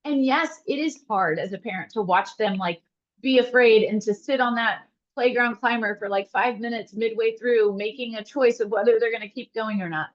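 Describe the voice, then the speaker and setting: A woman therapist answering interview questions, telling stories in an animated way and speaking straight to her listeners. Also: fairly high pitch, moderate pace. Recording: slightly dull lo-fi audio.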